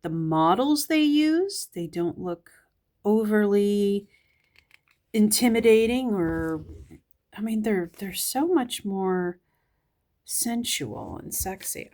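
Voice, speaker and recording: A woman's voice: medium pitch, darkish tone. A woman with a Southern US accent, casually flipping through a magazine and giving a musing commentary as she thinks aloud. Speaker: magazine reviewer.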